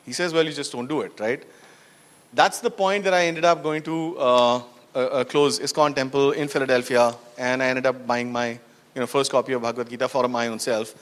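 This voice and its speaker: A man's voice: medium pitch, steady tone, normal speed. A man giving a storytelling talk to an audience, asking them questions and dropping in frequent "you know" and "right". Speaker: conference speaker. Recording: long hall reverb.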